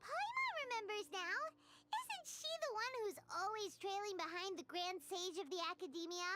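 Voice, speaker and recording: A woman voicing a tiny, excitable fairy companion in a video game who talks about herself in the third person. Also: very high-pitched, normal speed, background noise. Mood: chirpy. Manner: refers to herself in the third person, bubbly and eager. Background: game music.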